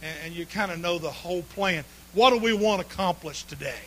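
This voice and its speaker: A man preaching a humorous sermon, telling folksy stories with sudden bursts of shouting and laughter. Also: sits high, fairly quick, a little hiss or hum.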